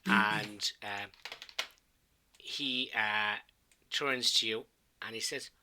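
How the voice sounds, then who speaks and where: A man with an Irish accent narrating as game master of a tabletop game, halting and full of restarts. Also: on the low side, steady tone, pushed and bright, slight background noise.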